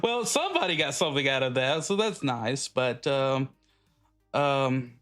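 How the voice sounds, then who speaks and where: A man's voice: medium pitch, animated, a little slow, a bit bright, faint music behind. A man hosting a podcast in casual chat, rambling with many fillers and frequent laughs. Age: adult. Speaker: podcast host.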